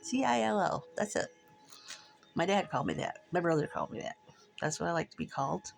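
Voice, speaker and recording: Gravelly-voiced middle-aged vlogger just rambling over coffee, blunt and cussing, laughs a lot. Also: medium pitch, animated, fairly quick, faint music behind. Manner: blunt, profane, frank; rambling, chatty, laughs between thoughts. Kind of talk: casual talk to camera over coffee.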